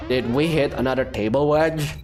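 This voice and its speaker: A man reading the lines of a brash, loud male space Viking captain from a game, in an excitable way. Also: medium pitch, normal speed, over music, natural voice. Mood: boisterous. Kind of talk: reading game dialogue aloud.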